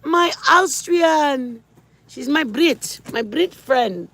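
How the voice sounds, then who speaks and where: A woman's voice: sits high, expressive, drawn-out words, fairly bright tone, no echo. A middle-aged woman hosting a casual livestream, rambling through a story and greeting viewers by name. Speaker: livestream host.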